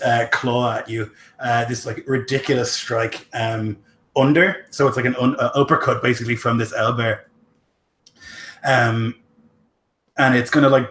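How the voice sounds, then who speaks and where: A man's voice: mid-range voice, fairly bright tone, reverberant, slight background noise. A man narrating as game master in a tabletop role-playing game, loose and full of fillers, describing combat in gory detail.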